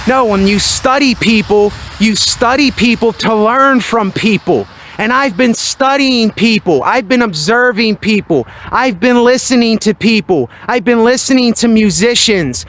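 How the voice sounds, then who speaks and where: Loud, high-voiced man ranting outdoors. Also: a little slow, few pauses. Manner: loud and emphatic. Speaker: vlogger. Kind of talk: motivational monologue. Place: outdoors at night near his building. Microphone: handheld microphone.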